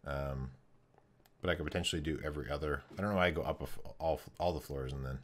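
A man streaming a building game, thinking aloud in a casual, halting way with many pauses. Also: extremely low pitch. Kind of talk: casual live-stream commentary while building.

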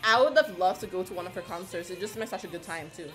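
A woman reaction vlogger in casual, playful commentary, excitable and quick to laugh and whoop. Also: fairly low pitch, soft background music. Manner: chatty and playful.

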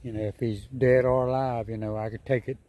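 A weary man talks to his camera out in his yard after a night without sleep. His speech is halting and repetitive, and he keeps his voice subdued in a mid-range pitch as he circles back over the same thoughts. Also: flat delivery, warm tone. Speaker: vlogger. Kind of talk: casual vlog monologue.

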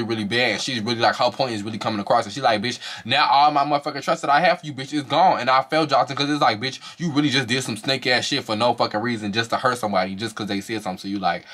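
Fast-talking and forceful, a man with a bright voice tears into a reality show in a profanity-heavy, casual review. When he quotes the cast he slides into high-pitched impressions, and his slangy delivery never loses its energy.

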